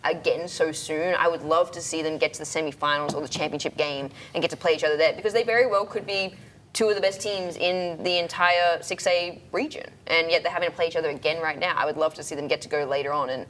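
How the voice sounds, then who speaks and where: A woman's voice: sits low, steady tone, quick pace, fairly bright tone, a little hiss or hum, rough recording. A woman with an Australian accent co-hosting a studio sports show, reading copy and chatting about football. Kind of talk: studio sports talk and news read.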